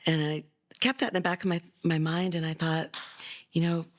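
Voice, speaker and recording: A woman's voice: level tone, moderate pace. A middle-aged mother tells her son's story in a documentary interview, in a conversational way with fillers and restarts, livening up when she voices what others said. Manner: voices others' words with livelier, higher delivery.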